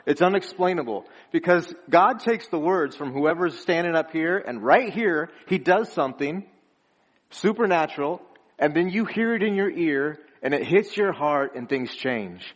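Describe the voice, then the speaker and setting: A man's voice: fairly high pitch, lively intonation, normal speed. A young man preaching a conversational sermon as pastor, earnest and storytelling, chuckling between phrases.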